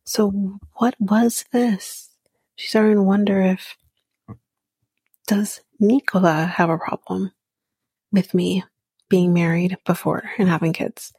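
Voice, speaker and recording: A woman hosting a podcast, recapping a reality show in casual chat, blunt and sarcastic, swearing freely and slipping into soft whispery asides. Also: medium pitch, level tone, takes it slowly, long pauses, slightly rough, dry recording.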